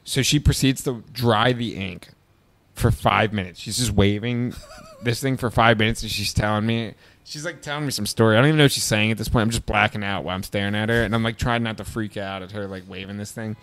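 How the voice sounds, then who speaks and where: A man's voice: lowish voice, fairly quick. A man in a casual chat, telling a story with lots of "like" and "dude" and frequent laughter. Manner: animated storyteller, laughs often, says "like" and "dude" a lot.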